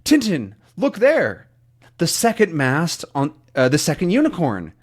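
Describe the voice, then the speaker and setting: A man voicing a gruff, excitable old sea captain in a comic-book reading, with blustery exclamations. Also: on the high side, measured pace, pitched above the performer's own voice, heavily acted. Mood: excited.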